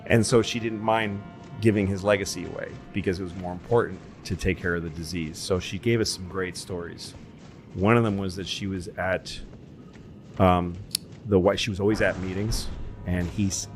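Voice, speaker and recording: A man co-hosting a podcast, telling long rambling stories in casual chat, swearing freely and jumping into quick impressions. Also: sits low, fairly even intonation, soft background music. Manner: rambling, profane, jumps into impressions. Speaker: podcast co-host.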